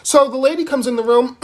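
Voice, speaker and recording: A man's voice: very high voice, expressive, moderate pace. A man telling a comic story in a crude, exasperated way, cursing heavily. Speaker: comedic storyteller.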